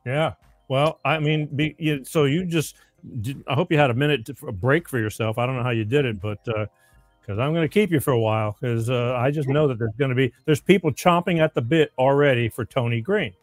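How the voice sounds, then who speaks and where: Man, talk show host, excitable pitchman delivery, chatty restarts, dry sound, faint music. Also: a little fast, no echo. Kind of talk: casual talk show banter and sponsor read.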